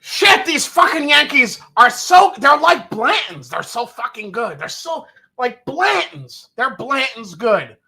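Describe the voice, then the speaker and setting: A man playing a crude, excited baseball fan at a stadium, gushing and cursing. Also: sits high, brisk, few pauses, full character voice. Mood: giddy.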